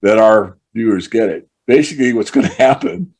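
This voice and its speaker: A man hosting a casual podcast conversation, explaining his points in long, measured run-on thoughts. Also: on the low side, lively intonation, darkish tone, slightly rough. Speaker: show host.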